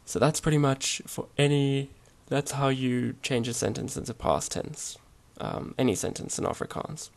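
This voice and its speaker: A man explaining grammar over his slides in a relaxed, hesitant way, with many fillers and restarts. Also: medium pitch, moderate pace, vocal fry, hardly any pauses. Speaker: language teacher. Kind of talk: casual slide-based language lesson.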